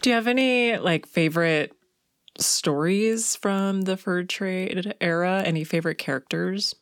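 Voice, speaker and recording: Woman interviewer, lowish voice, curious and friendly, dry close sound. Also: unhurried, smooth, no room sound. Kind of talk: interview questions.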